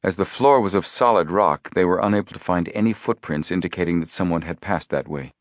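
A man narrating an adventure story as an audiobook reader, in a measured, steady way. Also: deep voice, dry recording, studio quality. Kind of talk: scripted narration.

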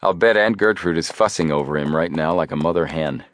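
A man reading the part of a steady, level-headed teenage boy detective in a storybook. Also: very deep voice, brisk, a little hiss or hum. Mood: calm.

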